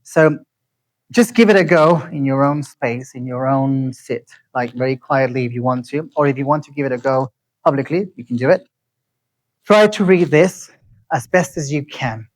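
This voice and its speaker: A man from Mexico City, giving a lecture and slowly repeating words so listeners can pronounce them. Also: medium pitch, poor audio. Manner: slow, deliberate, repeats words to teach pronunciation.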